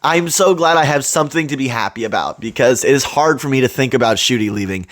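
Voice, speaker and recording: Reaction host, male, mid-pitched, heartfelt fan commentary, close dry mic. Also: lively intonation, quick pace, a bit bright, no echo. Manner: earnest, voice cracking with emotion.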